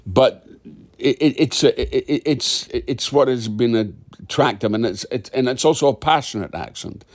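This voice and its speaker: A man's voice: mid-range voice, normal speed. An older man with a Scottish accent, a guest in an interview, telling stories animatedly and often restarting his sentences. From Scotland. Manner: animated, acts out quoted dialogue, restarts mid-sentence. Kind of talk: conversational interview storytelling.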